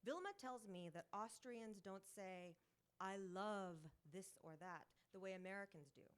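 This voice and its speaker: A woman reads her own poetry aloud at an open mic in a bookstore, with an expressive, rhythmic delivery. She dwells on repeated words and lets them build. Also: medium pitch, measured pace. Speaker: poet performing at an open mic. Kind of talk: live poetry reading.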